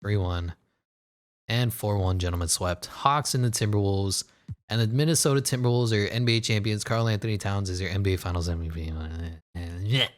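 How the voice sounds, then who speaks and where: A man giving casual, excitable commentary over a basketball video game, joking, laughing and swearing as he plays. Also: lowish voice, normal speed. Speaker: gaming commentator.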